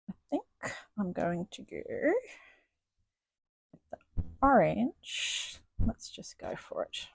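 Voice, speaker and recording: A stitching vlogger chats casually and thinks aloud while she stitches in her home craft studio, self-deprecating and talkative. Her voice is lowish, gravelly, and a bit mellow, recorded with no room sound.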